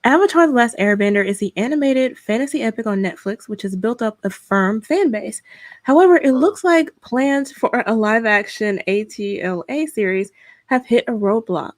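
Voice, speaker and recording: A woman's voice: fairly high pitch, lively intonation, moderate pace. A woman co-hosting a podcast, reading a news article aloud and adding her own asides. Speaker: podcast co-host.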